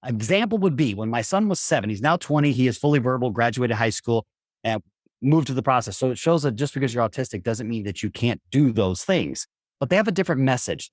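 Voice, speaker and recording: Middle-aged male guest, mid-range voice, animated storyteller, blunt and emphatic. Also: mid-range voice, no room sound, clean studio sound. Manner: emphatic, blunt, with mild swearing. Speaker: podcast guest.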